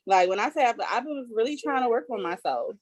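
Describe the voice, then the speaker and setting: A woman's voice: fairly high pitch, lively intonation, a little fast, dry recording. A woman hosting a casual video call chat, talking in an earnest, emphatic, conversational way. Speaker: host.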